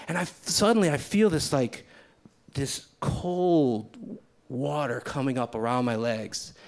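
Man, storyteller, high voice, very lively pitch, casual, profane. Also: vocal fry. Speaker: storyteller at a live reading series. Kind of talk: live personal storytelling.

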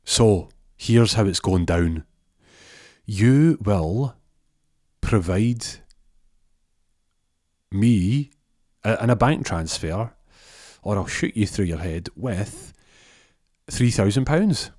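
A man's voice: low voice, fairly quick, a little mellow, dry recording, studio quality. A man voicing a cocky, menacing small-time crook. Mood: loud threatening. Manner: threatening, cocky.

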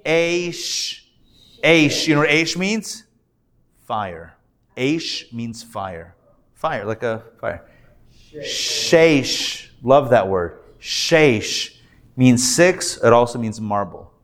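Rabbi guy leading a live class, unhurried, drawing out syllables one by one, middle pitch, keeps asking if everyone's with him. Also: animated, a bit bright. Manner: patient, drills syllables slowly and checks in with the class. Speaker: rabbi teaching a Hebrew reading class. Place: classroom before a live audience.

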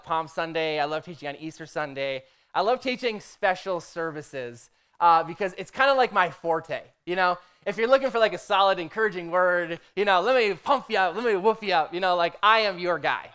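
Smooth-voiced pastor preaching conversationally. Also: medium pitch, moderate pace. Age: adult, formerly a motivational speaker. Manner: conversational, punctuates with "okay?" and "right?"; lively storytelling, acts out own quoted prayers. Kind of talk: sermon with a story.

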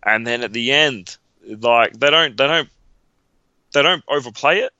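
A man's voice: medium pitch, unhurried, bright, forceful tone, no room sound, lo-fi sound. A man, co-hosting a podcast in casual chat, enthusiastic and emotional, often repeating his words. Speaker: podcast co-host.

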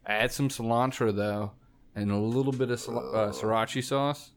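A man co-hosting a podcast, explaining things in a relaxed, rambling way during casual chat. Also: mid-range voice, moderate pace, a little hiss or hum. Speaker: podcast co-host.

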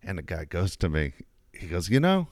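A man's voice: deep voice, moderate pace, no echo, studio quality. A man telling a long baseball story in casual chat, swearing freely and getting worked up. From Southern California. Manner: profane, animated storyteller. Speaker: baseball coach.

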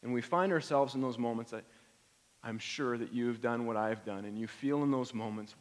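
A man's voice: mid-range voice, a little fast. A middle-aged man preaching a conversational sermon, acting out the feelings he quotes. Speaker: pastor. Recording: long hall reverb.

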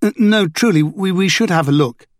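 A man's voice: high-pitched, moderate pace, no echo, studio quality, pitched above the performer's own voice, natural voice. A man voicing an urgent, resolute young woman in an audiobook. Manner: urgent, insistent.

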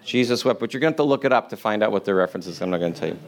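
A middle-aged man preaching a sermon in a conversational storytelling way, with lively quoted voices and soft laughs. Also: lowish voice, rapid-fire. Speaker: pastor.

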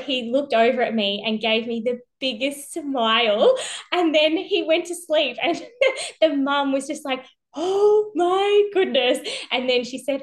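A woman, a nurse who is a guest on a podcast, telling stories in a lively way, laughing often and acting out quotes. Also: a little high. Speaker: perinatal mental health nurse, guest. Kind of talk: casual conversation.

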